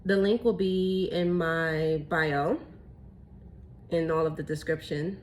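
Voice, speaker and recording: Casual chatty woman, slightly low voice, phone mic with faint hiss. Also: slow pace. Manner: chatty, excitable, says y'all. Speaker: tea seller showing her teas.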